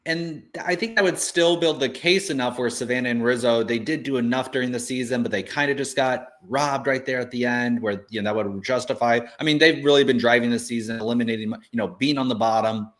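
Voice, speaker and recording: A man co-hosting a casual show, thinking aloud in animated bursts with many restarts. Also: medium pitch, fairly quick, few pauses. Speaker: co-host. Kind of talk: casual podcast chat.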